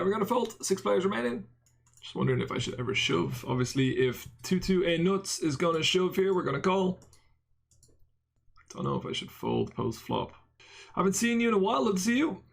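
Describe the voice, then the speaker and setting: A man's voice: fairly high pitch, creaky. A man with an Irish accent giving casual live-stream poker commentary, bantering and answering chat with self-mocking jokes and the odd swear word. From Ireland.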